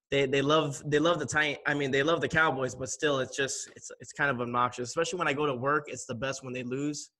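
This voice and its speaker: A young man hosting a casual chat, relaxed and quick to laugh. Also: mid-range voice. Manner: relaxed, laughs easily, many fillers. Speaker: host.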